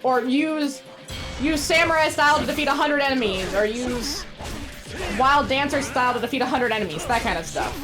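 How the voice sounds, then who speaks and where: A high-voiced woman streamer jokes her way through a game in a playful, chatty way. Her pitch leaps all over the place. Faint music plays behind her. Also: expressive, normal speed. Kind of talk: gameplay commentary.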